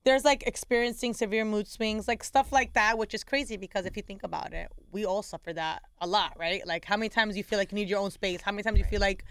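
A woman's voice: mid-range voice, fast, few pauses, clean tone, no room sound. A woman co-hosting a podcast, chatting casually as a mother and acting out quoted family voices as she tells stories. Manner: lively storyteller who acts out quoted voices. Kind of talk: casual chat.

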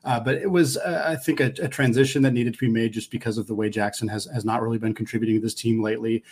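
A man talks through the game results in a loose, conversational way, often restarting a thought mid-sentence. His voice is husky and slightly rough, at an ordinary pitch for a man. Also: fairly even intonation, fast talker, a little mellow. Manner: conversational, thinks aloud with restarts. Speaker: podcast co-host. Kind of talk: casual sports analysis chat.

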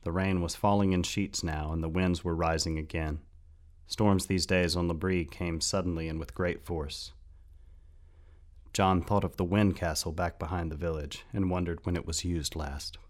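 A man narrating a fantasy story in a steady, measured audiobook style. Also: low-pitched.

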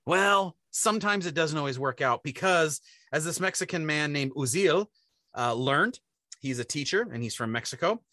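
Male comedy-radio host, rambling storyteller, lively pitch, dry studio mic. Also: moderate pace, dry recording. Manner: rambling, animated storytelling with put-on voices.

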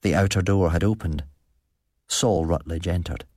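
A man narrating an audiobook in an even, measured storytelling manner. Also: low-pitched, dry recording, clean studio sound.

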